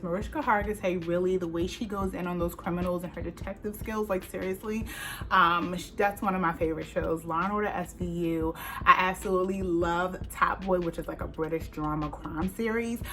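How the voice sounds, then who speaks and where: A woman YouTuber answering Q&A questions in a casual, chatty way, full of fillers and quick laughs. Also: on the low side, pushed and bright. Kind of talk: casual Q&A vlog.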